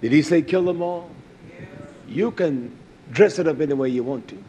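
A man preaching a sermon, emphatic, swinging between low asides and loud raised emphasis. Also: normal speed, slight background noise.

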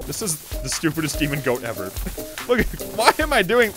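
A young adult host giving let's play commentary, excitable and quick to burst into shrieks and laughter. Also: mid-range voice. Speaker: gaming video host. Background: game music.

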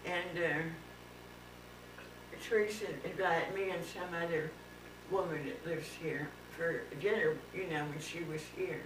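A woman with a Pittsburgh accent chatting casually with family, often pausing to search for words. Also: fairly low pitch, steady tone. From Pittsburgh, USA. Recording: echoey room, distant mic, hiss.

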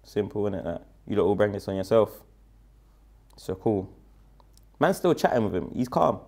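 A man with a South London accent, a rapper guest in a casual interview, telling a story in a slang-heavy, animated way and acting out what people said. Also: lowish voice, moderate pace, creaky. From London, England. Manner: animated, slang-heavy, acts out the quoted lines.

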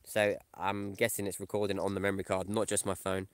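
A man's voice: low voice, completely flat delivery, a little fast, dry recording. A man vlogging live from his camper van, chatting casually and reading out viewers' comments. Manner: casual, chatty, reads comments aloud and answers them. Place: in a camper van or parked outdoors.

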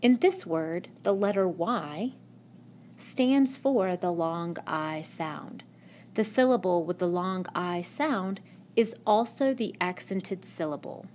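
A woman's voice: lowish voice, expressive, slow, a little mellow, a little hiss or hum. A woman teacher giving a recorded phonics lesson in a patient, encouraging classroom manner. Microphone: tablet microphone.

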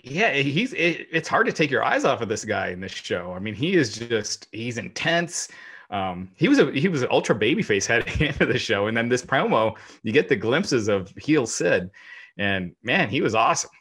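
Male co-host, mid-pitched voice, casual and emphatic, laughs easily. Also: very animated, moderate pace, a bit bright, husky. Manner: enthusiastic, emphatic praise with laughs. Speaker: podcast co-host. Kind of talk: casual chat.

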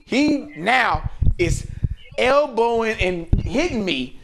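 A man hosting a podcast, telling a story in casual chat, animated and laughing often as he acts out quotes. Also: high-pitched, slow, creaky, background noise. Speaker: podcast host. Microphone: podcast studio mic.

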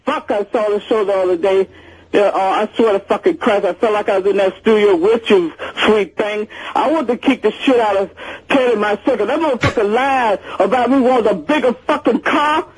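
A woman's voice: mid-range voice, a little fast, husky, rough recording. A woman calling in to a radio show, rambling emotionally and swearing heavily. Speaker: caller. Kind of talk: call-in rant.

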